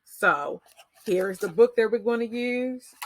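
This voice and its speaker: A woman teacher explaining early reading skills to parents in a slow, deliberate instructional way. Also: a little high, a little hiss or hum. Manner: slow, deliberate modeling of read-aloud pacing.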